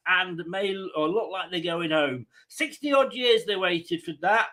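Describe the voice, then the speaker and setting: His high-pitched, sharp voice moves unhurriedly yet with hardly any pauses, captured in a low-quality recording. The speaker, a man from England, hosts a football watchalong livestream where he casually reads viewers' comments, jokes around and greets people by name.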